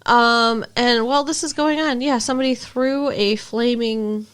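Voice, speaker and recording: A woman with a fairly high voice co-hosts a podcast in casual chat. She is blunt and indignant and swears freely. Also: steady tone, measured pace, fairly bright tone, clear, resonant tone. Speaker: podcast co-host.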